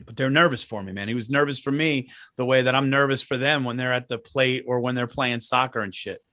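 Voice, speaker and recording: A man co-hosting a comedy podcast, telling stories in casual chat, acting out other people's lines in a higher voice and swearing freely. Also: moderate pace, dry recording, studio quality. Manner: animated storyteller who acts out quoted voices in a raised pitch.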